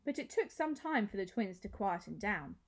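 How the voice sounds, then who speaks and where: A woman teacher reads a children's novel aloud, telling the story expressively in a mid-range voice at a moderate pace.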